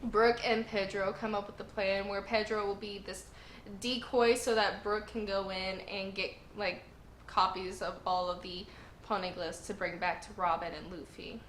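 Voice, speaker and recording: A woman's voice: medium pitch, little pitch movement, normal speed, a bit bright, a little hiss or hum. A woman recapping episodes in a casual vlog, an emotional, gushing fan who uses a lot of filler words. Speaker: anime review vlogger. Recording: echoey room.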